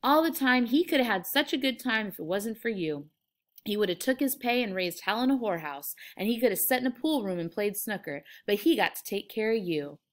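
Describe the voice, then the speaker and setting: A woman's voice: medium pitch, lively intonation, fairly quick, natural voice. A woman reading aloud the part of a stern little old aunt who scolds sharply and disapprovingly. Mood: scolding.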